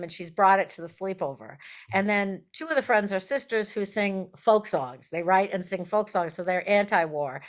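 A woman guest on an interview podcast, spinning a long anecdote in an easy, chatty way. Her voice sits in a middle pitch range, and she breaks into laughter between lively asides. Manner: chatty, animated, laughs while telling stories. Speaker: guest songwriter and performer. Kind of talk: casual interview storytelling.

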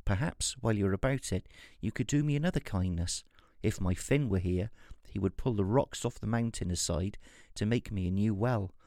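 A man voicing a clever, bold giant's wife in a fairy tale, brisk and mock-innocent. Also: lowish voice, a little mellow, no echo, clean studio sound, lightly acted. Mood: sweetly cunning.

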